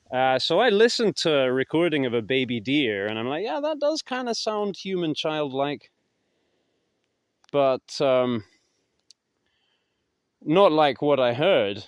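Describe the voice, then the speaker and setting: A man telling stories in a casual vlog, rambling and hesitant, his voice trailing off softly at the ends of thoughts, recorded outdoors in woods. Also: mid-range voice, smooth, dry recording, studio quality. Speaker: vlogger. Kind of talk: casual anecdotal storytelling.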